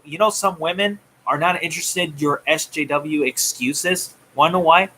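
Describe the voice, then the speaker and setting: Bright-voiced man ranting heatedly. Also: fairly high pitch, normal speed, slight background noise. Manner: heated, taunting, swings loud and soft. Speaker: movie news vlogger. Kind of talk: ranting commentary.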